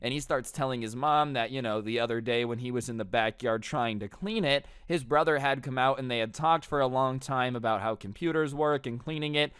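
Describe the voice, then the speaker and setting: A man's voice: mid-range voice, fairly quick, few pauses, a bit bright, smooth, dry recording, studio quality. A man telling a story to his viewers in a casual, slangy way, full of "you know" and "like". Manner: slangy, filler-heavy, addresses viewers as bro and dude. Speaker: storytime vlogger.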